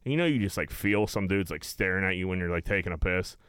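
A man's voice: low voice, fast talker, a bit bright, clear, resonant tone, no echo, studio quality. A young man hosting a casual chat, rambling through his stories with plenty of swearing and filler words.

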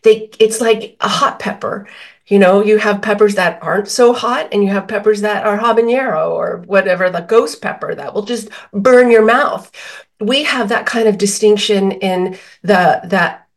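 A woman's voice: mid-range voice, moderate pace. A woman guest on a podcast interview, explaining feelings with everyday examples and quoted dialogue. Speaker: author and guest.

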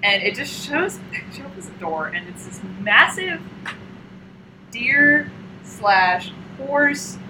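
A woman's voice: a little high, slow, background noise. Chatty woman retelling a comic scene. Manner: animated storyteller acting out scenes. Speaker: co-host discussing a comic. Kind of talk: casual chat.

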